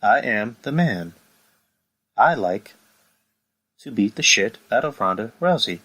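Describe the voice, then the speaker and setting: A man imitating a woman wrestler who boasts in a calm, monotone voice. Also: fairly low pitch, takes it slowly, exaggerated voice. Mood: deadpan.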